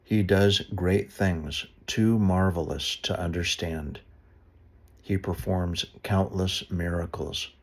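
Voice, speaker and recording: A man reading a Bible passage aloud slowly and deliberately, stopping now and then to explain the footnotes. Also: sits low, fairly even intonation. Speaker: Bible reader. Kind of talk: unscripted Bible reading with asides.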